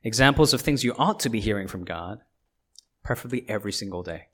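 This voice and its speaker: Man, pastor, lowish voice, conversational sermon, tag questions, restarts. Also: expressive, quick pace, fairly bright tone.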